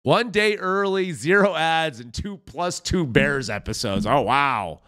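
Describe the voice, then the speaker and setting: A man's voice: fairly high pitch, lively intonation, a little slow, a bit bright. A man hosting a reaction commentary, mocking and sarcastic with exaggerated fake enthusiasm, talking straight to his viewers. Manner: speaks directly to viewers as friends. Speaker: commentary host.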